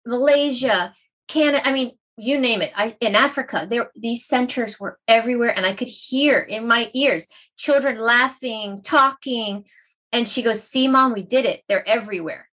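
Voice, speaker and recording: A middle-aged woman, a meditation teacher, telling a heartfelt story in a casual conversation, animated and emotional. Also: on the high side, normal speed, low-quality recording.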